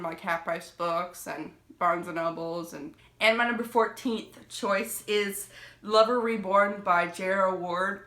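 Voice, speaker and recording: A bright, forward woman rambles excitedly through a casual book review vlog, full of fillers and restarts. Her voice rings around an echoey room. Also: mid-range voice. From United States. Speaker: book vlogger.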